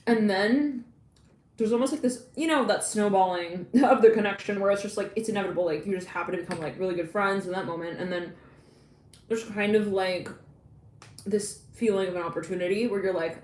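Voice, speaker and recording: A woman giving a live tarot reading in a chatty, excitable way, laughing often and acting out little quoted lines. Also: medium pitch, a little fast, roomy sound, slight background noise. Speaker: tarot reader.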